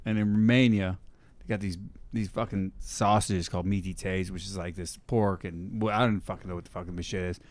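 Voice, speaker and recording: A man co-hosting a casual podcast, telling stories in an animated way, swearing often and laughing as he talks. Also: low-pitched, a little fast, no echo. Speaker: podcast co-host. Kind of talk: casual profane chat.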